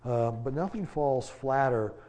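A man preaching a sermon in a casual, halting way, with lots of fillers and the odd folksy joke. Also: mid-range voice, expressive, mellow, a little hiss or hum. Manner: conversational, halting, many fillers and restarts; folksy, joking aside.

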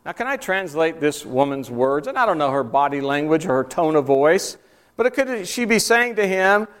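A man delivers a sermon in an animated, conversational way, with a fairly high voice. His words ring out with a long reverb, as if he is speaking in a large hall. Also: moderate pace, clean tone. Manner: animated, acts out quotes with rising pitch. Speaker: preacher. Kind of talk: sermon on soul-winning.

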